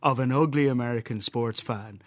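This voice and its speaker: An Irish man, a journalist guest, telling an animated anecdote in casual chat. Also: medium pitch, moderate pace, no room sound, studio quality. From Ireland.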